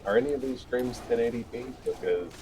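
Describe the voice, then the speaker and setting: A man's voice: mid-range voice, a little fast, mellow, a little hiss or hum. A man joking bluntly and swearing casually over voice chat during a game raid. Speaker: raid member.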